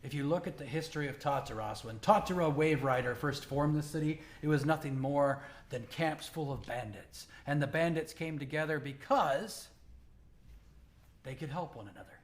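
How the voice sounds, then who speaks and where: A man's voice: a little high, normal speed, close to an everyday voice. A man playing a genial, portly middle-aged dwarf who is the patron of the city, speaking in a hearty, welcoming way.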